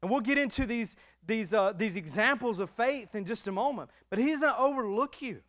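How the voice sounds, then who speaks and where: Emotional high-voiced male preacher. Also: expressive, moderate pace. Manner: emotional, emphatic preaching with dynamic swings in loudness. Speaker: pastor. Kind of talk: sermon.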